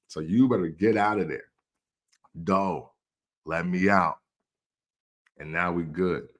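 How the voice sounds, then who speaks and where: Casting: low-voiced man in his forties, chatty host, laughs a lot and drops into quick acted quotes. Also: a bit bright. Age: 40s. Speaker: podcast host. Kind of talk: casual commentary.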